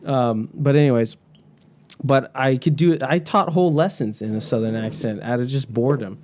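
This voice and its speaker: Mellow-voiced young man, rambling chat. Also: mid-range voice, moderate pace. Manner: rambling, swears freely, laughs often. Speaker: podcast co-host. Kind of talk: casual chat.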